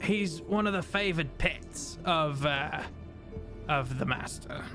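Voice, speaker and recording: A jittery, scrawny young redhead, as a game master puts him on, hemming and stammering through every answer with a half-slipping Australian-ish twang. The voice sits a little high, with music playing behind it. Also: male voice, takes it slowly. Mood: evasive. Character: scrawny young redheaded man, nervous, evasive.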